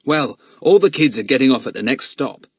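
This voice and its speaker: A man's voice: medium pitch, animated, brisk, husky, no room sound, studio quality, pitched above the performer's own voice. A man voicing a firm, sensible teenage boy in a storybook. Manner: firm, stern. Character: sensible boy with a monkey, young teen.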